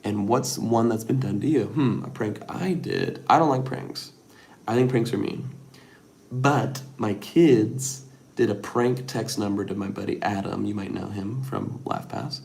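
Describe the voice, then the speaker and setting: A middle-aged man hosting a casual livestream, reading viewer comments and rambling softly with lots of fillers. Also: fairly low pitch, a little slow, gravelly. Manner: rambling, soft-spoken, with many fillers. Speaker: livestream host.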